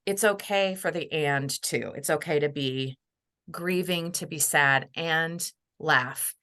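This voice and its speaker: A woman's voice: deep voice, slow, sharp tone. A middle-aged woman speaking as a podcast guest, reflective and heartfelt, now and then acting out the voices of the people she quotes. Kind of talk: reflective interview conversation.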